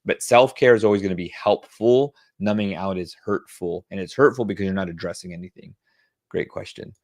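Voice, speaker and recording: Casual coaching man, low dry voice. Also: a little fast, darkish tone, no echo. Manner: conversational, coaching tone with frequent fillers. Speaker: webclass host answering questions. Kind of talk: casual Q&A monologue on wellbeing.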